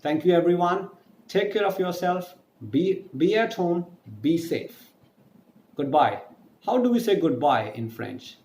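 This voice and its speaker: A man's voice: high voice, expressive, measured pace, a little mellow. Man teaching with echo. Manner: explanatory, spells words letter by letter, asks and answers own questions. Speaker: online French teacher. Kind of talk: recorded online lesson. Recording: echoey room with faint noise.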